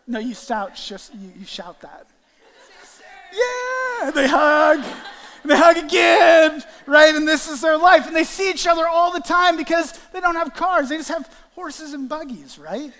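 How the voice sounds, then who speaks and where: A man preaching a sermon and acting out a lively illustration with volunteers on stage, calling out playful greetings. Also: extremely high pitch, moderate pace, big-room sound. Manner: animated, acts out greetings with volunteers. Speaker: guest preacher. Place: church sanctuary.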